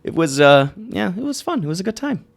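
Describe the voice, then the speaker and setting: Young man, podcast co-host, casual chat, animated, laughs a lot, lively voice. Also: sits high, creaky. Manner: animated, laughs often, fast bursts.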